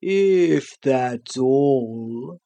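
A woman's voice: very deep voice, lively intonation, mellow, pitched below the performer's own voice, exaggerated voice. A woman voicing a huge, lazy, sleepy male sloth creature in a storybook reading, drawling and slobbery. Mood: drowsy. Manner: very slow, drowsy, demanding.

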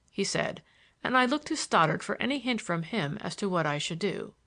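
A woman narrating an audiobook in an expressive reading voice. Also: medium pitch, normal speed, creaky. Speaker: audiobook reader. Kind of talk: storybook narration.

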